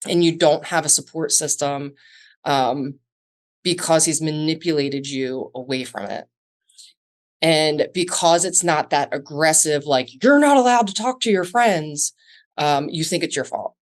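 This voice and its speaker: Low-voiced woman telling a story. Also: steady tone, a little slow. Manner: acts out quoted dialogue in a storytelling way. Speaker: guest, self-defense instructor. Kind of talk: conversational podcast interview.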